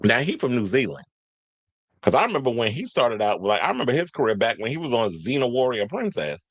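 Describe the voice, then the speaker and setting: Brisk and mid-range, with big swings in pitch and no echo, a man hosts laid-back entertainment news commentary. He rambles slangily, drifts off track, reads stories aloud and chats with his viewers and live chat.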